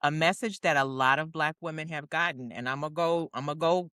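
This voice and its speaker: A woman's voice: deep voice, a little fast, fairly bright tone, clear, resonant tone, no echo, studio quality. A woman co-hosting a podcast, speaking reflectively and building her points thoughtfully in casual conversation. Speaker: podcast co-host.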